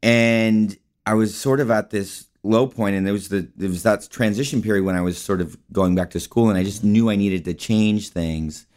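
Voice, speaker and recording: A man's voice: lowish voice, moderate pace, few pauses, a little mellow. A man guest on an interview show, telling stories in a rambling, casual way, often saying "like" and "you know". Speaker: guest, actor and filmmaker.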